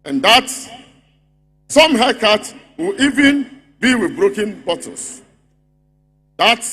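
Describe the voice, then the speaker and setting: Ghanaian guy giving a fiery party congress speech, pretty high voice, big hall echo, mocking and repetitive. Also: animated, measured pace, fairly bright tone, slightly rough. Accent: Ghanaian English. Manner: rhetorical, mocking, repeating a refrain. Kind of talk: political rally speech. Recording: long reverb of a big hall.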